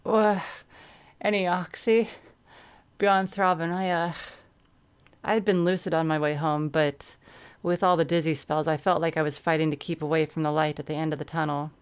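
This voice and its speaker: A woman's voice: low-pitched, level tone, fast talker, hardly any pauses, clear, resonant tone. A woman streamer reading a first-person story aloud, breaking off now and then to comment.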